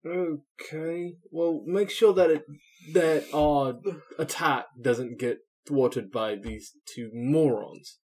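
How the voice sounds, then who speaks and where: A man playing a tabletop game who talks his dice rolls through deliberately. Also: fairly high pitch, a little mellow. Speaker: player.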